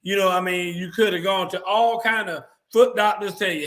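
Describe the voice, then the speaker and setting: High, bright-voiced man ranting bluntly. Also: steady tone, normal speed. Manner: mimics others in quoted asides. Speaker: show host. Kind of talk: casual sports talk.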